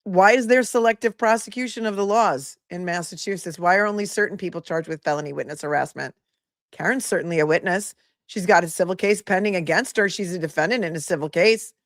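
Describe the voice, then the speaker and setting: A woman's voice: fairly low pitch, fairly quick, no echo. Woman host, Boston accent, sarcastic and incredulous, dry close mic. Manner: sarcastic, incredulous, rhetorical questions. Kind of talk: commentary on a court hearing.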